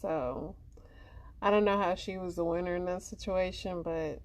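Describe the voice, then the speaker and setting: A woman's voice: on the low side, steady tone, normal speed. A woman hosting a podcast, introducing stories in a dry, wry way. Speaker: podcast host.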